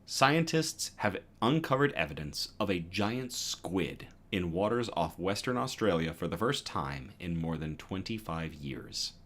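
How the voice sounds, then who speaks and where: A man hosting a news livestream, reading stories aloud and chatting with viewers between them in a lively, self-correcting way. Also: deep voice, a little slow, hardly any pauses. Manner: lively, reads chat comments aloud and self-corrects with a laugh. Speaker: news show host.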